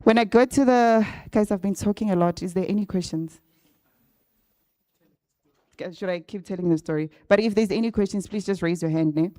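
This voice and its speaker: A woman with a mid-range, mellow voice speaks fairly quickly, recorded cleanly in studio quality with no echo. She is a guest speaker at a graduate bootcamp, casually telling a personal story to graduates at an event venue with a live audience. Chatty and direct, she keeps checking in with "right?" while using a handheld or stand microphone.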